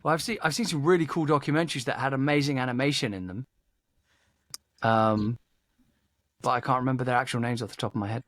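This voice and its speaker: A man's voice: mid-range voice, fairly even intonation, fast, pauses often, a bit bright. A man co-hosting a movie podcast, chatting animatedly and retelling scenes with repeated words. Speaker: podcast co-host. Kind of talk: casual chat.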